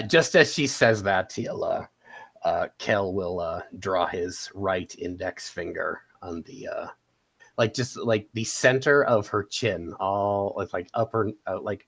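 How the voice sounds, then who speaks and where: A man playing a tabletop role-playing game, describing his character's actions in a halting way with many fillers. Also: sits low, creaky, a bit bright, no room sound. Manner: halting, full of fillers and laughter. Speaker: player. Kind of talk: tabletop role-play chat.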